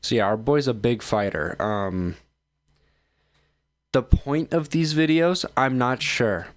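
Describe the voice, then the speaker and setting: Talking slowly in a mid-range voice, a streamer wanders through clips on his own show in a casual, meandering way. Between yawns and sounding worn out, he cracks self-mocking jokes.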